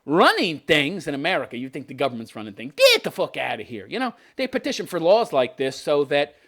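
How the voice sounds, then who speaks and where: Brisk and fairly bright, this podcast host's voice sits fairly high and swings hugely in pitch. He's in his fifties, mocking political targets with scorn and sarcasm and frequently dissolving into laughter.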